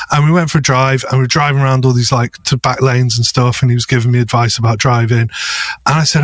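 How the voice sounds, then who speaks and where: A man's voice: medium pitch, steady tone, fast, a little hiss or hum. A man with a Chester accent, co-hosting a podcast and telling a rambling, sweary anecdote while laughing often. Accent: Chester English. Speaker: podcast co-host. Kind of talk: casual chat.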